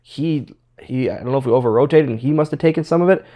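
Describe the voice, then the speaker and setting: A man's voice: mid-range voice, fast talker, dark tone. A man, a former pro wrestler, telling stories as a guest in a casual interview, rambling and repeating words as he quotes others.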